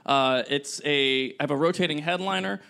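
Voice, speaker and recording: A man's voice: on the high side, normal speed, vocal fry, sharp tone, clean tone. A man appearing as a comedian guest on a podcast, talking in a dry, wry way. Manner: dry, wry, self-deprecating. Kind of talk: casual comedy chat.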